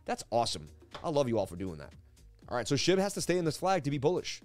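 A man hosting a casual live stream of crypto chart analysis from his seat at a desk, talking in an energetic, rambling, jokey way. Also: mid-range voice, fast talker, soft background music. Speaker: crypto market analyst host. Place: seated at a desk indoors.

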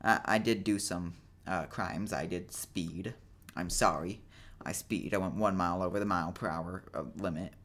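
A man's voice: deep voice, steady tone, normal speed, fairly bright tone. Rambling, jokey young man podcasting. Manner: rambling, jokey, self-deprecating; tired. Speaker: podcast host. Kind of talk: casual solo podcast monologue.

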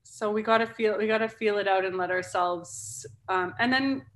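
A woman's voice: mid-range voice, normal speed, fairly bright tone, echoey room, a little hiss or hum. A woman speaking bluntly in a casual podcast conversation, swearing freely and laughing often. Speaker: guest, founder of a mothers' group.

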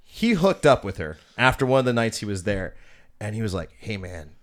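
Profane storytelling man, low voice. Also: fairly quick. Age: 20s. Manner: profane, animated storytelling with acted quotes. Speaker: podcast host. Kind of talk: casual chat.

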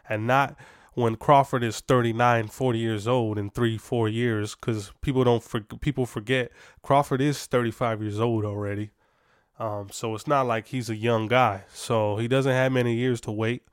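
Opinionated man with a smooth dry voice. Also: medium pitch, steady tone, normal speed, dry recording. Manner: conversational, opinionated, frequent fillers and restarts. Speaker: sports podcast host. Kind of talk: casual sports opinion monologue.

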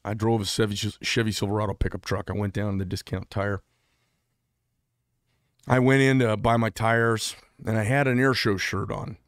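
Speaking at a moderate pace in a fairly low, steady voice, this middle-aged man who served in the military delivers a frank, wandering vlog monologue. He is blunt and often restarts what he's saying, and the studio-quality audio has no room sound.

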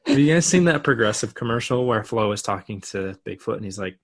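Husky-voiced man bantering jokingly. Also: lowish voice, animated. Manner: joking, teasing banter with quick asides. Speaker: podcast co-host. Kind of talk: casual podcast chat.

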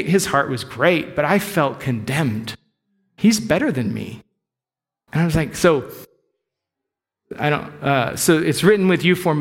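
Middle-aged guy pastor, kinda high voice, chatty open sermon, big echoey church hall. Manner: candid, conversational, self-disclosing. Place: church sanctuary.

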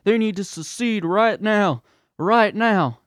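A man putting on a mocking caricature of a loud, stubborn conservative man, shrill and whiny. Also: takes it slowly, no echo, studio quality. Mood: indignant.

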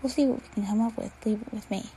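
Woman reading Dumbledore, a gentle old wizard. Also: medium pitch, fast, a little hiss or hum, lightly acted, rough recording. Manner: gentle, calm, patient. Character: kindly old male wizard headmaster.

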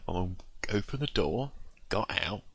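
A man's voice: low-pitched, expressive, a little slow, a bit bright, breathy edge. A man telling a childhood story in casual chat, swearing and acting out the people in it.

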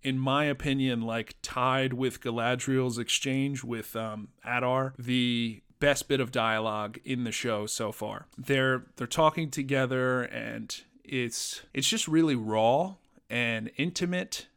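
A man's voice: medium pitch, takes it slowly, a bit bright, clear, resonant tone. Chatty man reviewing a fantasy episode. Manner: chatty, enthusiastic fan, frequent fillers and restarts. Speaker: podcast host reviewing a TV episode. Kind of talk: casual solo review.

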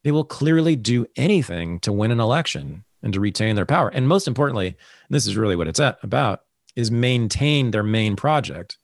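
A man's voice: medium pitch, animated, a little fast, creaky, dry recording. Sarcastic man ranting, dry sound. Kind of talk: casual political talk.

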